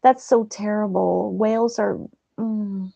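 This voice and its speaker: A woman hosting a livestream, chatting gently and laughing easily as she reads out viewers' comments. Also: medium pitch, steady tone, takes it slowly, vocal fry, no room sound. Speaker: livestream host. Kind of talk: casual livestream chat reading viewer comments. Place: at home.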